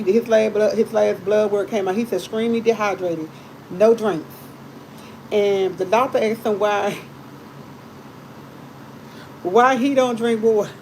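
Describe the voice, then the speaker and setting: A woman's voice: mid-range voice, slight background noise, low-quality recording. A woman hosting a live stream, telling her viewers a story in a casual, exasperated way, repeating herself and swearing freely. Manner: animated, exasperated retelling with repeated phrases; colloquial, blunt, swears freely.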